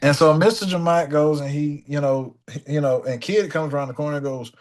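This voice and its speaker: A young man telling a funny studio story in a casual sit-down conversation, animated and dropping into the voices of the people in it. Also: fairly high pitch, brisk. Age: young adult. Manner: animated, slips into voices of the people in his stories. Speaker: guest musician.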